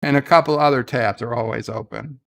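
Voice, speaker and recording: A man's voice: medium pitch, fairly quick, gravelly, a bit bright. A man hosting a casual livestream, ranting bluntly with swearing and answering his chat. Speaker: livestream host reading chat.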